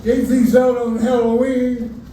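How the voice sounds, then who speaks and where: A man's voice: very high voice, little pitch movement, a little slow, dark tone, slight background noise. An older man doing a stand-up comedy set in a club, with wry, self-mocking punchlines. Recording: roomy club audio from far off. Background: laughing crowd.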